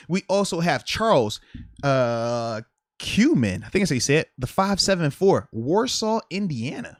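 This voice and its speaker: A man co-hosts a sports call-in podcast in a playful, animated way, his pitch leaping around as he jokes and laughs. His voice sits a little high for a man. The sound is dry and close to the mic. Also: unhurried, no room sound. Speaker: podcast co-host. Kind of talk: casual sports chat.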